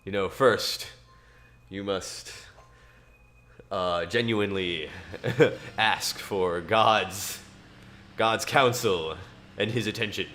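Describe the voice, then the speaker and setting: Slow, self-amused male gamer. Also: lowish voice, pushed and bright, slight background noise. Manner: self-amused, laughs often, talks to himself. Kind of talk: casual gaming commentary mixed with scripture reading.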